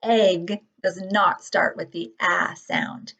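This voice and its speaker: Woman, kindergarten phonics teacher, gentle, patient, very slow, muffled lo-fi audio. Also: medium pitch, steady tone. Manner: gentle, patient, drawn-out word modeling. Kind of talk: slow, clear phonics lesson for young children. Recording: dull lo-fi audio.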